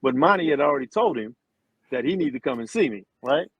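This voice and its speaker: A former football player and singer, appearing as an interview guest, tells a story in a casual interview with lots of energy, acting out quotes and often restarting his sentences. His voice is medium-pitched, fast and a little breathy. The recording is dry and muffled.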